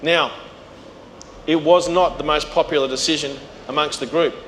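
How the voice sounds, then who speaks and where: A middle-aged Australian man with a slightly high voice tells business stories on stage, bringing the people he quotes to life. His voice carries through a large hall with a long reverb. A faint hum sits behind it. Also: moderate pace. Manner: animated, acts out quoted voices. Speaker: keynote speaker. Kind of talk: storytelling business talk.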